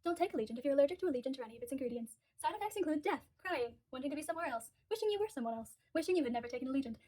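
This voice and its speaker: Woman putting on a high, breakneck pharma-ad announcer, hushed and deadpan, stuffy nose. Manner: hurried, hushed legal read-off. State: congested. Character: rapid drug-ad disclaimer announcer, woman.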